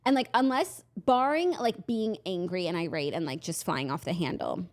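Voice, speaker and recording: A young woman co-hosting a podcast, speaking softly with dry humor while a bit under the weather. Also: fairly low pitch, animated, moderate pace. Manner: soft-spoken, dry humor. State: slightly ill. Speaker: podcast co-host. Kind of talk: casual chat.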